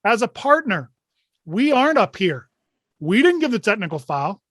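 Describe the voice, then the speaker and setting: A man's voice: high-pitched, big pitch swings, normal speed, a bit bright, no room sound. A man hosting an online meeting for basketball officials, talking through a clip in a conversational way with frequent rhetorical questions. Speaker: meeting host. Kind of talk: instructional talk to officials. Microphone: video call.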